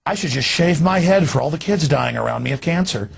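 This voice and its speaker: A man's voice: on the high side, animated, a little fast, gravelly, slightly rough. A man hosting a radio talk show, delivering a furious rant with bellowing, theatrical outbursts.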